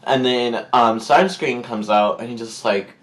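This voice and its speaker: A man's voice: medium pitch, measured pace. A young man telling a story in a casual vlog, rambling and hesitant, with many fillers and restarts. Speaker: vlogger.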